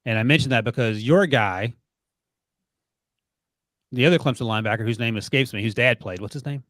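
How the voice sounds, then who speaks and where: A man hosting a sports podcast, leading the chat with quick, teasing back-and-forth. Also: mid-range voice, fairly bright tone, dry recording. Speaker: podcast host.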